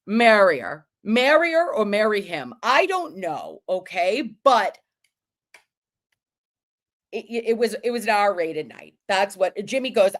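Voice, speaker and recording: Animated, swearing New woman storyteller. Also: mid-range voice. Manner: animated, profane, quick asides and laughter. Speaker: livestream host. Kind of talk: casual storytelling chat.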